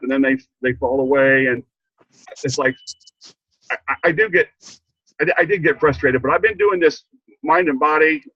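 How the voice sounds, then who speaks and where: A man's voice: on the high side, fairly bright tone, dry recording, lo-fi sound. An older man sharing a heartfelt personal story on a video call, stumbling and repeating himself, getting choked up. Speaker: training participant. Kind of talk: emotional personal testimony.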